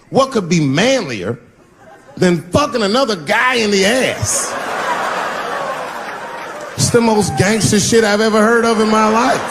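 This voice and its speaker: A man doing stand-up, telling a story in a profane, animated way and swinging his pitch sharply for the voices he quotes. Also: noisy background. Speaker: stand-up comedian.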